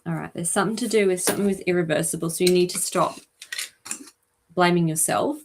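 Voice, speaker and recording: A woman hosting a live stream as an animal communicator, talking gently and chattily with many ums and asides. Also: on the low side, fast talker, background noise. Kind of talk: live-stream reading for viewers.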